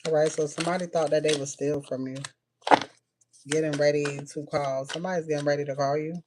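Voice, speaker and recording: A woman's voice: sits low, fairly even intonation, quick pace, background noise. A woman doing a casual spiritual reading for viewers, tossing out short blunt messages, saying "all right" a lot and cursing freely. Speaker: spiritual reader.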